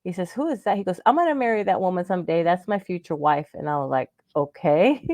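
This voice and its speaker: A woman's voice: on the low side, lively intonation, a little fast, a little mellow, no echo, clean studio sound. A woman on a radio show telling a long personal story in casual chat, laughing often and acting out the voices of people she quotes. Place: living in Florida.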